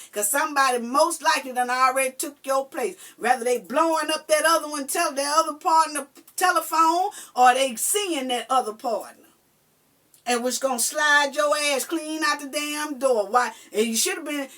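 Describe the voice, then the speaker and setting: Blunt, high-voiced woman giving advice. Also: sharp tone. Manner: blunt, profane and emphatic, talking straight to viewers; colloquial, with many fillers and repeated points. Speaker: relationship advice vlogger. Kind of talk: casual advice monologue.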